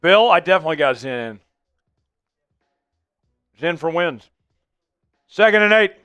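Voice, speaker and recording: A man hosting a live fan stream of a football game, chatting with viewers and calling plays with excited hype. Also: fairly high pitch, measured pace, clear, resonant tone, dry recording, faint music behind. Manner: excitable, hypes up chat viewers. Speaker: fan livestream host. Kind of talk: live game watch-along chat.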